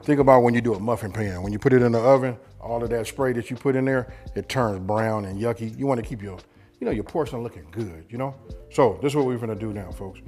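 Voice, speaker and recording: In his home kitchen, a man hosting a cooking channel walks through a recipe in a folksy, chatty way, often asking "you know what I mean?" and sometimes eating as he talks. He speaks fast in a mid-range, darkish voice, with faint music in the background.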